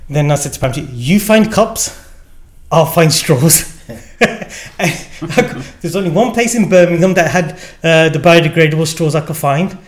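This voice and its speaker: A man's voice: fairly high pitch, moderate pace. A middle-aged man with a voice a little above the usual for a man. He tells a long anecdote to an interviewer, acting out what each person said, with plenty of fillers along the way. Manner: animated storyteller acting out quoted dialogue, many fillers. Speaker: guest. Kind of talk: casual storytelling.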